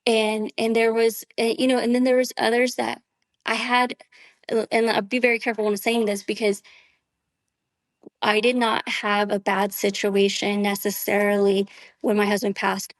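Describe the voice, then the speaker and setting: A woman's voice: mid-range voice, flat delivery, normal speed, dry recording. A woman guest on a podcast, giving a heartfelt personal faith testimony in an earnest way, with many "you know" fillers.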